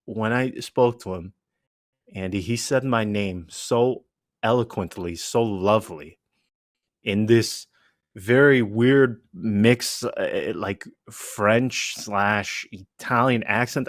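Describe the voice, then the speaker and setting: A man hosting a casual podcast chat, animated and rambling, full of asides and restarts. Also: fairly low pitch, dry recording, studio quality. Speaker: podcast host.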